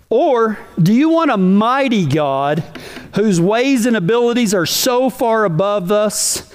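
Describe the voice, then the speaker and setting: A man preaching a sermon in a folksy, emphatic way, full of rhetorical questions. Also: a little high.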